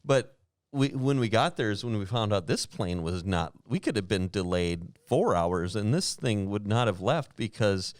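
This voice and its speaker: Clear-voiced man telling a travel story. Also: fairly low pitch, normal speed, no echo. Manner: animated, acts out quoted voices, laughs often. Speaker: podcast host. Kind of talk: casual storytelling.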